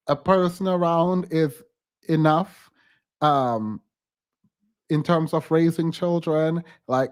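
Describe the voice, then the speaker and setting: A man's voice: on the high side, expressive, slow pace. A man hosting reaction commentary, blunt and critical, with scoffing asides as he plays and judges clips. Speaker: host.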